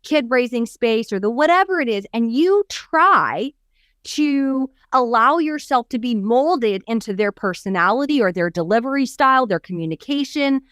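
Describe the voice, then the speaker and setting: Animated high-voiced woman telling a story. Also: normal speed, smooth, no room sound, studio quality. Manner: animated storyteller who acts out quotes. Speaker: podcast co-host and business coach. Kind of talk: casual podcast chat.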